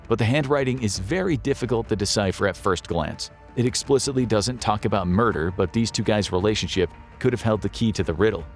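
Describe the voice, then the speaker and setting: A man reading scripted documentary narration in a measured, even storytelling manner. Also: on the low side.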